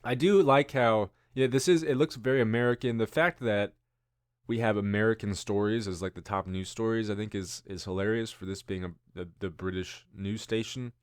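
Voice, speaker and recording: A man's voice: lowish voice, fairly even intonation, normal speed, clear, resonant tone, no echo, studio quality. A man in his thirties hosting a casual news-commentary show, rambling and musing with self-deprecating asides. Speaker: host.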